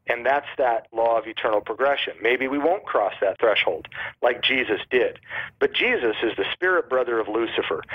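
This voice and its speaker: A man explaining theology on a talk show, acting out little dialogues as he goes. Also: medium pitch. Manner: animated, acts out dialogue in illustrations. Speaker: guest. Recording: tinny phone line.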